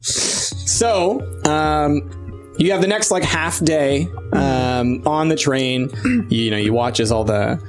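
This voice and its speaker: A game master narrating a tabletop game in a relaxed way, hesitating with fillers. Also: medium pitch, slow pace, faint music behind.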